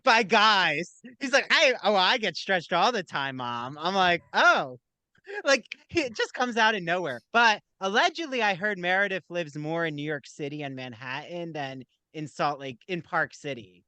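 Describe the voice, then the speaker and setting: A man's voice: high-pitched, expressive, moderate pace, bright, forceful tone, smooth, no echo. A man hosting a podcast, chatting playfully about reality TV gossip. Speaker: podcast host. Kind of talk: casual gossip chat.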